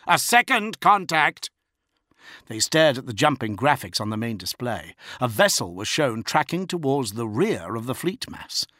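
A man narrating a science-fiction audiobook in a measured, dramatic way. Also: medium pitch, sing-song, fairly bright tone, no echo, clean studio sound.

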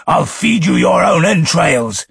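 A man's voice: a little high, big pitch swings, measured pace, creaky, a bit bright, husky, dry recording, studio quality, exaggerated voice. A man voicing a cruel giant armored warrior with a guttural, roaring voice in an audiobook. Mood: raging.

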